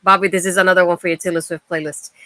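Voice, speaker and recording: A woman's voice: on the low side, flat delivery, racing, pushed and bright, dry recording. A woman co-hosting a casual wrestling recap, enthusiastic and giggly, quoting her own reactions. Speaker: co-host.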